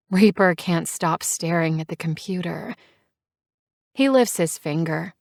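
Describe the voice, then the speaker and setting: Brief: a deep-voiced woman reading a romance novel aloud, expressive, dry studio sound. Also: gravelly, no room sound. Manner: expressive, animated character voices. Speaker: audiobook narrator. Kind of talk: first-person romance audiobook narration.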